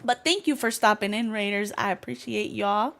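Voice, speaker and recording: A woman livestreamer chatting casually with her viewers, talkative, slangy and quick to laugh. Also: mid-range voice, vocal fry, a bit bright.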